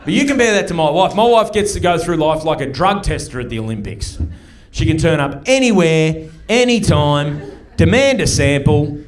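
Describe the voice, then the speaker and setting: A man's voice: fairly high pitch, lively intonation, moderate pace. An Australian man doing a stand-up set in a comedy club, brash and conversational, swearing freely. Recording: live audience laughter.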